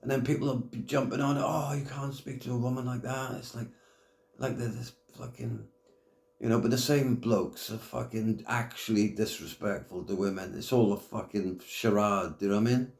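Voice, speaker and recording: A middle-aged man holding forth in a blunt, foul-mouthed rant, his voice sitting fairly low. The sound bounces around an echoey room. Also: moderate pace, a little mellow. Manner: blunt, heavy swearing, blokey slang. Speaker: YouTube commentator. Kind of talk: casual rant to camera.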